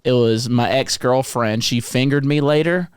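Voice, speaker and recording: A man's voice: mid-range voice, moderate pace, clear, resonant tone, no room sound, studio quality. A young man hosting a podcast in casual chat, swearing a lot and telling rowdy stories with laughs. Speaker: podcast host.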